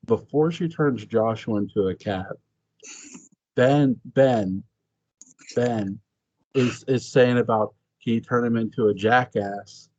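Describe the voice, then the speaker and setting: A man chatting casually as a podcast host, excitable and swearing freely, his voice jumping up high when he exclaims. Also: slow pace, lo-fi sound. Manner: swears freely, laughs often. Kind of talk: casual chat.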